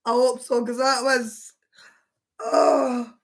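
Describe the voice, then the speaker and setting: High-voiced giggly woman, hoarse. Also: steady tone, slow. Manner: giggly, fighting fits of laughter. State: hoarse from laughing. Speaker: livestream host. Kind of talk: casual live chat.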